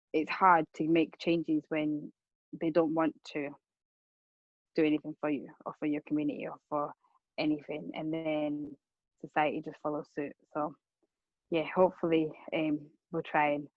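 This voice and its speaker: A young woman from Rwanda who speaks on racism gives a personal account in earnest, casual talk, repeating words and circling back as she goes. Her voice is deep, and the recording is muffled with no room sound.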